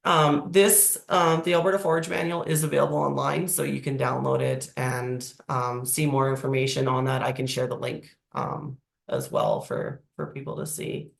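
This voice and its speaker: A presenter with a croaky, hoarse voice from a cold, explaining slides in a webinar over a video call. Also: mid-range voice, normal speed, hardly any pauses. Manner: explanatory, walking through slides. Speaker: agricultural presenter. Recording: echoey room.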